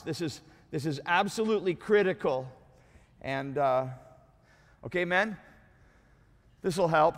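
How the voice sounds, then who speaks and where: A male pastor preaching a sermon, emphatic, slowing down to repeat key lines. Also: on the high side, gravelly, long reverb tail.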